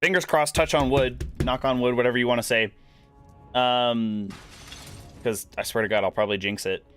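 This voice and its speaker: A man's voice: mid-range voice, steady tone, moderate pace, fairly bright tone. A man streaming a video game, chatting casually with his viewers and answering chat, with lots of "like" fillers. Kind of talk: casual gameplay commentary. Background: game music.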